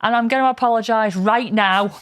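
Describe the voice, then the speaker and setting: A woman's voice: fairly high pitch, fairly quick, clean tone, no room sound, clean studio sound. A woman co-hosting a podcast in frank, laughing casual chat. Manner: chatty, laughs often, frank. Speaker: podcast co-host.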